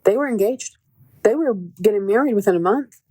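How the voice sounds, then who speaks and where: A woman's voice: mid-range voice, lively intonation, brisk, dark tone, dry recording. A middle-aged woman hosting a show, telling stories in a casual, earnest way and repeating words for emphasis. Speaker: podcast host and relationship coach. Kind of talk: casual storytelling monologue.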